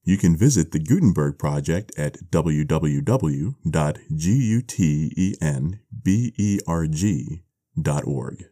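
A man hosting a podcast, reading a short story aloud in a measured, deliberate way from a mobile studio. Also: rumbling low, lively intonation, mellow, no room sound. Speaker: podcast host and reader. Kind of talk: scripted narration of a short story. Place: mobile studio in a converted school bus.

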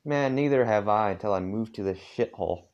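A man's voice: fairly low pitch, fairly quick, darkish tone, muffled recording, close to an everyday voice. A man voicing an aloof, sarcastic young man in a heavy put-on southern drawl. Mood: dismissive.

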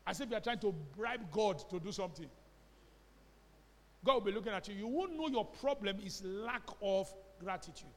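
A man's voice: sits high, lively intonation, normal speed, in a large hall. A man with a Nigerian accent preaching a sermon as a pastor, emphatic, asking the congregation questions and slipping into Pidgin phrases. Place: church hall.

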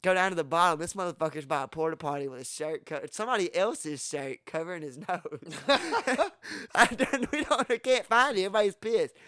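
Animated man, bright tense voice. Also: high voice, a little fast, smooth, no echo, clean studio sound. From Texas. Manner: animated, profane, acts out quoted lines with sudden loud jumps. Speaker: podcast host. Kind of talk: casual storytelling.

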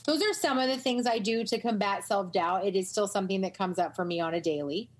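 Podcast co-host, woman; husky voice, mid-range pitch, blunt and affirming, casual profanity. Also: brisk. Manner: emphatic, profane, affirming, ranting. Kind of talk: candid casual chat.

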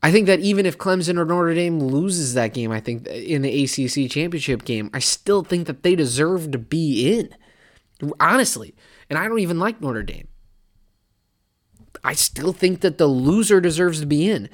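Animated man ranting about college football. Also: fairly high pitch, moderate pace. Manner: animated, rambling, jumps into mock fan voices. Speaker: sports podcast host. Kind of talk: casual college football opinion talk.

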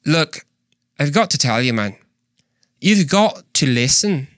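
A man's voice: fairly high pitch, lively intonation, slow pace, fairly bright tone, dry recording, clean studio sound. A man putting on a Scottish accent to play a pushy man who keeps calling the listener mate. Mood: insistent. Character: pushy Scottish man insisting on one truth.

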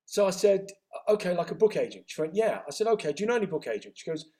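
Animated man telling a story. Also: sits high. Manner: animated, acts out dialogue with quick reported speech. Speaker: interview guest. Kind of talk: storytelling in conversation.

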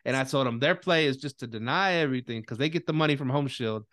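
A man's voice: mid-range voice, fast talker, fairly bright tone, no room sound. Blunt rambling man in a dry room. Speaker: podcast host. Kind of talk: casual chat.

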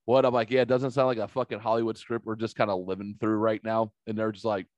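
A man hosting a casual podcast, telling stories in a lively, profane way and acting out the quotes. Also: lowish voice, fast, no echo, dull audio. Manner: animated, profane, acts out quotes. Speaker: podcast host. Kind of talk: casual storytelling chat.

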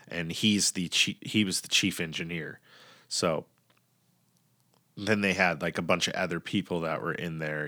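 Deep-voiced man, casual show recap, swears freely, acts out quotes. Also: sharp tone. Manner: loose, profane storytelling with acted-out quotes.

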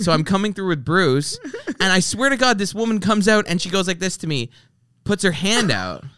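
A man hosts a podcast in a casual, storytelling chat, swearing freely and acting out the people he quotes. His voice is a little high, pushed and bright, with a clean tone.

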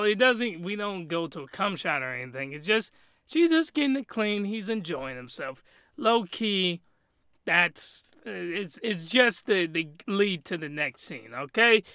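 A man's voice: sits high, animated, unhurried, bright, forceful tone, clear, resonant tone, dry recording, clean studio sound. A man giving a crude, rambling and exasperated comedic recap of an anime. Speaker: anime reviewer.

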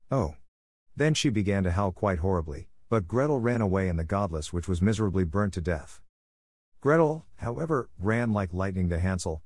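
A man narrating a fairy tale in a steady, measured storybook reading. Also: sits low, dry recording, clean studio sound.

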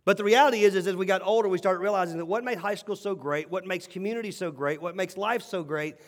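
A male pastor preaching a sermon with animated, emphatic storytelling and repeated phrases. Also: sits high, fast. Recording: long hall reverb.

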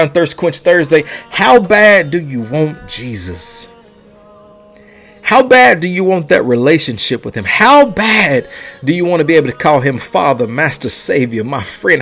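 A man's voice: high voice, a bit bright. A man preaching a sermon, pleading and repeating his lines with rising and falling intensity.

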